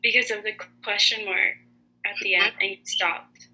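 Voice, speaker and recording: A woman's voice: mid-range voice, steady tone, normal speed, bright, forceful tone, breathy edge, poor audio. A female student on a video call, giving short, simple answers to her teacher.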